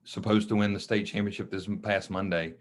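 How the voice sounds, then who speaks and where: Low-voiced coach telling stories. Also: male voice, a little fast. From Mississippi. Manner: lively, emotional storyteller who acts out quoted dialogue. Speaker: coach and podcast guest. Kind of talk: casual storytelling interview.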